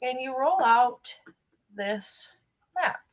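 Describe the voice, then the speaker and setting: Slow, measured woman game master. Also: sits high, expressive. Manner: measured, descriptive narration. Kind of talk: narrating a tabletop game.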